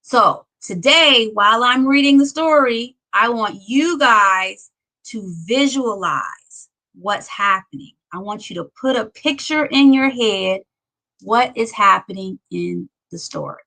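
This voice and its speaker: Woman, kindergarten teacher, patient, repeats words for children, fairly high voice. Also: slow pace, bright, forceful tone, rough recording. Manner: patient, repeats words while clapping syllables. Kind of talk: children's lesson.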